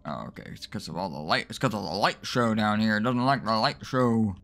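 A man commentating his own gameplay, swearing and mocking himself in exasperated rants, with sudden high yelps when frustrated. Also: brisk, a bit bright. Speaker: let's play gamer.

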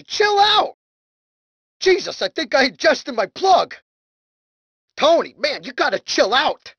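An actor playing a sleazy, jittery small-time mobster wannabe in a video game, with a whiny, rambling, panicky way of talking. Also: male voice, extremely high pitch, gravelly, a bit bright, breathy edge, no room sound, muffled recording, heavily acted. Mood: whining. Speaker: game character.

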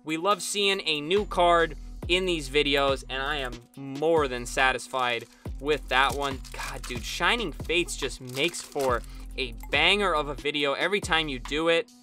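A man's voice: a little high, measured pace, pushed and bright, soft background music. A young man hosting his own channel, giving casual commentary as he opens card packs, rattling off card names and bursting into cheers at good pulls. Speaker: channel host opening trading card packs. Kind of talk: casual pack-opening commentary.

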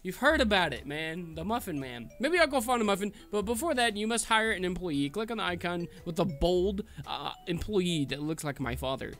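A man hosting a casual let's-play, chatting in an excitable, jokey way while he plays. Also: high-pitched, normal speed, hardly any pauses, soft background music. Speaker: gaming channel host.

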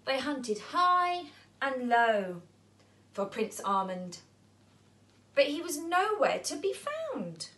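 A woman storyteller at a nursery reading a picture book aloud to young children, animated and asking them questions. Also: high-pitched, takes it slowly, pauses often.

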